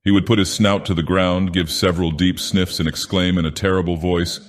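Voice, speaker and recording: A man narrating an audiobook in character as an ancient menacing god-villain, with a grave, deliberate delivery. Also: low voice, little pitch movement, natural voice. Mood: ominous. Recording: long hall reverb.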